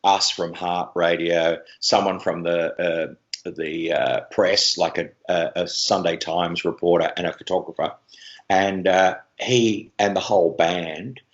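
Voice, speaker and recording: A man, a radio presenter telling rambling, animated stories in an interview. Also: low-pitched, a little slow, lo-fi sound. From Australia. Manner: rambling, animated storyteller with many restarts. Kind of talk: anecdotal interview chat.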